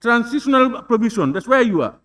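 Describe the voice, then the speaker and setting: A man chairing a parliamentary committee, reading clauses deliberately and putting questions to the vote. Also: very high voice, sing-song, a bit bright. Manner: deliberate, reads clauses slowly and puts questions. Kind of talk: formal procedural chairing. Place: legislative chamber.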